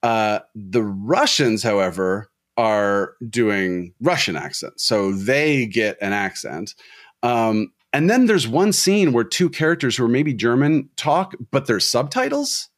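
A man's voice: medium pitch, very animated, slow, no room sound, studio quality. A man co-hosting a film podcast, talking casually in a wry, rambling, analytical way. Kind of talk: casual discussion.

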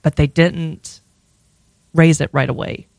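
A woman's voice: low-pitched, fairly even intonation, slow pace, vocal fry, darkish tone, no room sound. A woman with a Southern US accent telling a wistful personal story in a reflective, drawling way.

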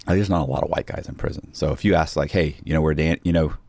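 Middle aged guy rambling thru a story on a podcast, deep voice, dry mic, keeps restarting. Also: quick pace, a little mellow, no echo. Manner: rambling, restarts, acts out quoted dialogue. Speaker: podcast guest. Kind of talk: casual storytelling.

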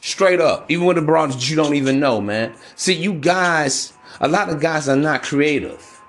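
A man's voice: a little high, moderate pace, fairly bright tone, faint music behind. A man hosting a podcast, giving relationship advice in a casual, profane, preachy monologue that keeps calling his listeners bro. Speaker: podcast host.

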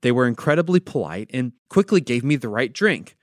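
A man's voice: mid-range voice, big pitch swings, brisk, no room sound, clean studio sound. A man hosting a devotional podcast, teaching with storytelling and wry asides. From United States. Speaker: podcast host.

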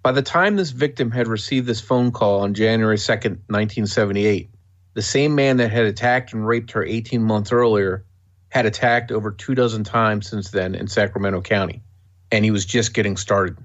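A man's voice: fairly low pitch, normal speed. A man co-hosting a podcast, giving a serious, matter-of-fact, scripted true-crime narration. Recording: dull lo-fi sound.

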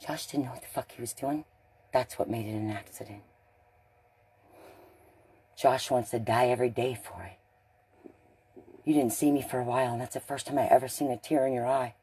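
Smooth, dark-voiced man, blunt. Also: mid-range voice, steady tone, moderate pace, long pauses. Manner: blunt and profane, swinging between loud and hushed. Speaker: speaker in a recorded video message. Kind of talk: emotional monologue addressed to others.

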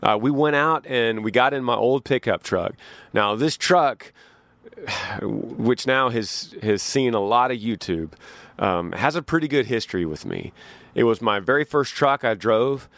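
A man's voice: mid-range voice, animated, a little slow, vocal fry, fairly bright tone, no room sound. A man from Texas, hosting a podcast and telling stories casually in a rambling, folksy way with frequent restarts. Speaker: podcast host. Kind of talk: casual storytelling.

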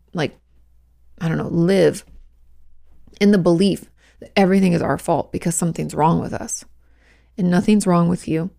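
Gravelly-voiced woman therapist, frank talk. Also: fairly low pitch, mellow. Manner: conversational, frank, many "like" fillers. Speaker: therapist and podcast host. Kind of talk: casual advice talk.

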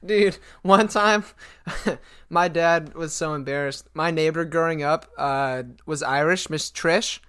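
A man's voice: a little high, takes it slowly, bright, forceful tone, clean tone. A young man co-hosting a podcast, telling stories in a chatty way and laughing often. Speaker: podcast co-host. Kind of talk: casual chat.

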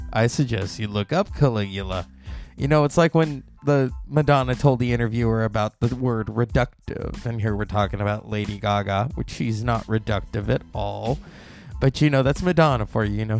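A man's voice: mid-range voice, a little mellow. Rambling man hosting a solo podcast. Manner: rambling, gossipy, puts on mocking voices for quotes. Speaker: podcast host. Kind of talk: casual solo podcast monologue. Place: indoors at home. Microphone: mic close to the mouth.

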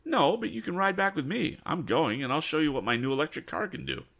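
A man's voice: on the high side, expressive, a little fast, vocal fry, a bit bright, voice pushed up, full character voice. A man voicing an eager, confident young male inventor in a storybook reading, with a raised boyish voice.

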